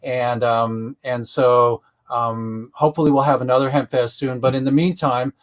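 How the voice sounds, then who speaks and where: A man hosts a casual online talk show, his voice sitting at an ordinary middle pitch. He talks in a halting way, stopping often with ums and starting his sentences over. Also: level tone. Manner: halting, many ums and restarts. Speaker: web show host.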